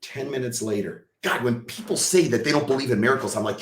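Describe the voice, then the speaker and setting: A man, a podcast guest, telling a personal story with emotion and acting out the dialogue, swinging from hushed to loud. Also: medium pitch, fast, few pauses, roomy sound. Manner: vivid storyteller who acts out quoted dialogue.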